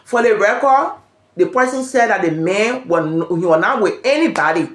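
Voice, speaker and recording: A woman talks at a mid pitch, chatty and casual, acting out the people in the story she tells. She speaks into a phone at home. The room around her sounds echoey. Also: animated, moderate pace. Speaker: vlog host. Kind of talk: casual gossip chat.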